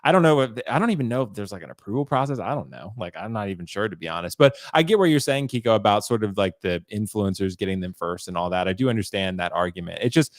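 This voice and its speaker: A man hosting a casual podcast chat. He talks in a measured, hedging way and often says "I don't know.". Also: on the low side, expressive, no echo, clean studio sound. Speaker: host.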